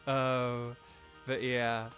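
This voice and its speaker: A man's voice: medium pitch, level tone, extremely slow, a bit bright. A man streaming a game and chatting casually with his viewers, rambling and correcting himself with lots of fillers. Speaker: voice actor streaming a game with chat. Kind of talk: casual live-stream chat while gaming. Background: faint game music.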